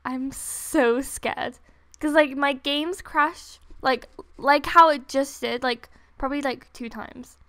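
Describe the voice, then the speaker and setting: A young woman giving casual, excitable commentary while playing a game late at night. She is tired but gushing and giggly, and often squeals. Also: high voice, slow pace. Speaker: gaming video creator. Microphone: desktop USB microphone.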